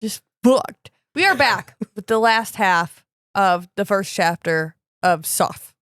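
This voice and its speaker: A woman's voice: mid-range voice, animated, slow pace, fairly bright tone, clean tone, dry recording, studio quality. A woman co-hosting a casual podcast, giggly and playful, recapping a book chapter with silly quoted lines. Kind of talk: casual chat.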